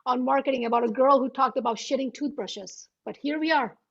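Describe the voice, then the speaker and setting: A woman in her thirties, a guest author on a video call, telling a self-deprecating story with animated delivery. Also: sits high, a little fast, gravelly, husky. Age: 30s. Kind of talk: anecdotal storytelling. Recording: muffled lo-fi audio.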